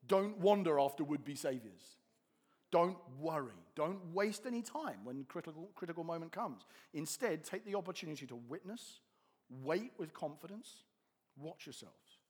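A man preaching a sermon, moving from calm explanation to emphatic, rising declarations. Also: a little high, slightly rough. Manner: animated, builds to emphatic peaks. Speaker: pastor.

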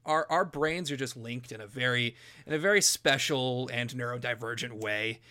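A man's voice: mid-range voice, moderate pace, bright, forceful tone. A man co-hosting a podcast in casual chat, joking, laughing, and restarting his sentences often. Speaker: podcast co-host.

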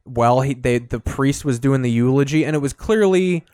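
A man's voice: mid-range voice, moderate pace, darkish tone, clear, resonant tone, dry recording, clean studio sound. Blunt, crude-talking man. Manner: blunt, crude, sardonic anecdotes. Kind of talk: casual chat.

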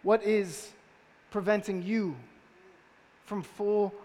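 A man's voice: high voice, steady tone, slow, a little mellow. A man preaching a sermon in a conversational style, firing off rhetorical questions at his listeners. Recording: long reverb of a large hall.

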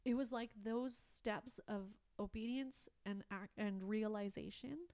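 A woman from Canada, a guest in a conversation, telling a personal story in a halting, emotional way with many restarts. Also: medium pitch, a little mellow, no echo.

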